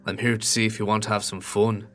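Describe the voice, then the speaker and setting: A man doing a rough-voiced Irish creep. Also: on the low side, flat delivery, quick pace, a bit bright, soft background music, natural voice. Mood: leering. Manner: leering, then ranting and angry.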